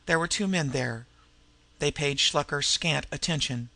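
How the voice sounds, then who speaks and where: A man narrating a novel in a measured, even storytelling manner. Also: on the high side, gravelly, dry recording. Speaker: audiobook narrator. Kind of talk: scripted narration.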